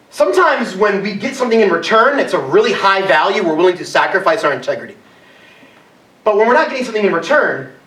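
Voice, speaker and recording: A man's voice: sits high, a bit bright, slight background noise. A young adult man preaching a sermon as a youth pastor, telling stories in a loose, conversational way with many fillers. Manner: conversational storytelling with frequent fillers. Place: church hall. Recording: echoey hall from far off.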